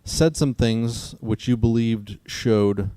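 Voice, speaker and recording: A man co-hosting a casual debate conversation, talking haltingly with many fillers and restarts. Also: mid-range voice, warm tone, smooth, no room sound. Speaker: co-host.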